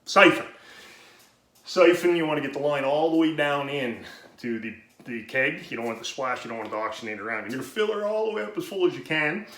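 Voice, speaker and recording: This home brewing host has a mid-range voice, lively intonation, and a fairly bright tone, and he talks fast. His casual how-to is rambling, profane, and self-interrupting, leaving him out of breath, in an echoey room with faint noise.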